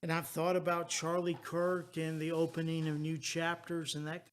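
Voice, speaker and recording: A man in his early sixties hosting a talk radio show, earnest and halting, repeating words as he goes. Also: fairly high pitch, completely flat delivery. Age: 60s. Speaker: radio host. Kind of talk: casual talk radio chat.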